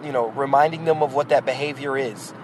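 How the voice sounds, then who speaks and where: A man's voice: medium pitch, steady tone, brisk, a little hiss or hum, low-quality recording. A man hosting a podcast, talking bluntly and at length about raising kids in a casual, opinionated monologue. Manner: rhetorical, addresses the listener directly. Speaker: podcast host; parent.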